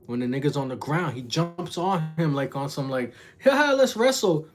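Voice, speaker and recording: A young man chats loosely on a livestream, piling on profane slang as he retells a story. He jumps into quick impressions of other people mid-sentence, and his voice sits at an ordinary middle pitch. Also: music in the background. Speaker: reaction vlogger. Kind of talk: casual livestream commentary.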